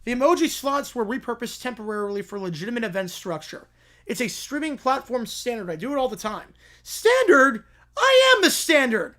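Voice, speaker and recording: A man's voice: very high voice, fast, fairly bright tone. A man hosting a livestream, chatting casually and reacting with amusement to a skit he reads out. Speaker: livestream host.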